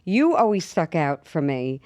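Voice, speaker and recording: A woman in her sixties co-hosting a podcast, a lively storyteller who acts out both sides of conversations. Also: low voice, a little slow, no echo, clean studio sound. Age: 60s. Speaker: podcast co-host. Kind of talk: casual chat.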